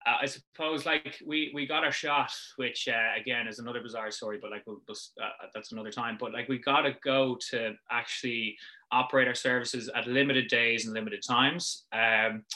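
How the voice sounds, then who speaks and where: A man's voice: medium pitch, fairly even intonation, moderate pace, bright, forceful tone. A young adult Irish man, a business founder, chatting as a guest in a casual rambling way with many fillers. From Ireland. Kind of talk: casual chat, storytelling.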